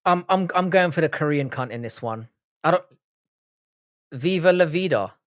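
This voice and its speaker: A man's voice: fairly high pitch, lively intonation, moderate pace, dry recording, studio quality. Man bantering on a live stream. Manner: swearing, bantering, rambling with restarts. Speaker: livestream host. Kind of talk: casual live-stream chat, reacting to comments.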